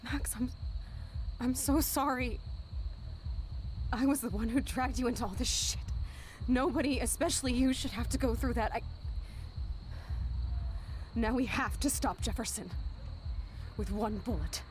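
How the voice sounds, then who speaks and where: A brash, hot-headed punk teenage girl, as a woman plays her in a video game. She talks back hard and swears freely, her voice a bit high. A faint hiss runs underneath. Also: measured pace, long pauses, close to an everyday voice. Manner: brash, profane, confrontational.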